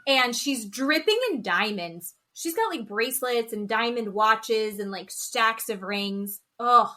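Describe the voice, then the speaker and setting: A woman's voice: fairly high pitch, a little slow. A woman co-hosting a podcast, casually recapping a reality show and animatedly acting out what people said. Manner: animated storyteller who acts out quotes. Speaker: podcast co-host.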